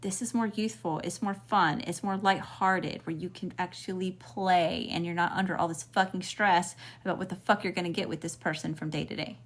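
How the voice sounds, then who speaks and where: A woman with a Southern drawl reading tarot for her viewers in a loose, chatty way. She swears freely and drifts into frank asides. Her voice sits a little low for a woman. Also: fairly even intonation, moderate pace, few pauses. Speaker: tarot reader. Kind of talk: casual spiritual reading.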